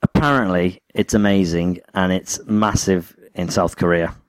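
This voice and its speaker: A man's voice: low voice, fairly even intonation, normal speed. A man co-hosting a podcast, chatting casually and telling stories with a wry, laughing manner. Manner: storytelling, wry, prone to laughing. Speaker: podcast co-host. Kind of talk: casual chat.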